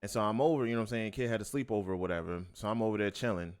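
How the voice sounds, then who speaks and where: A man's voice: lowish voice, very fast, clear, resonant tone. A man co-hosting a podcast, telling casual stories and acting out the voices of the people in them. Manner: animated, acts out quotes. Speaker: podcast co-host. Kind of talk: casual storytelling chat. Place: podcast studio.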